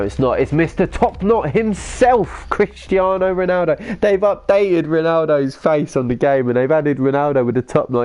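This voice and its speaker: A man's voice: medium pitch, a little mellow, dull audio. A young man streaming a football game, chatting casually with viewers, laid-back and sweary. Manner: laid-back, sweary, reads chat aloud. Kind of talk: casual live-stream commentary.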